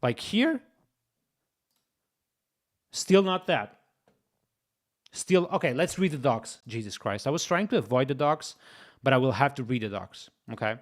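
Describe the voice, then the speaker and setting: A young man codes on a live stream, thinking out loud, repeating himself, and addressing his chat directly in casual commentary. His mid-range voice is animated, and he speaks at a measured pace with long pauses.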